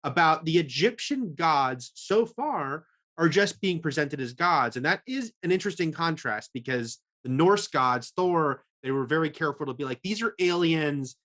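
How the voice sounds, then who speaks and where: A man co-hosting a casual TV review chat, rambling with many fillers and quick laughs. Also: fairly high pitch, lively intonation, fairly bright tone. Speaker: film and TV critic co-host.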